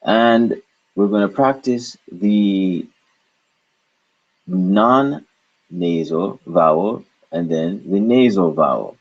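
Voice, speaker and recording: Deep husky male language teacher. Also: lively intonation, very slow, long pauses. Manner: explains patiently, asks and answers his own questions. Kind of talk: recorded language lesson. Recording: dull lo-fi recording.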